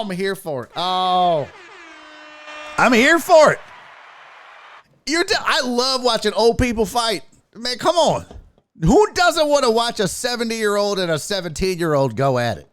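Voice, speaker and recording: A man hosts a casual sports talk stream and swears freely as he reacts to clips. His voice sits high and swings widely in pitch. He talks back to his chat with loud, excitable energy. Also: dry recording, studio quality. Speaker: sports show host and streamer.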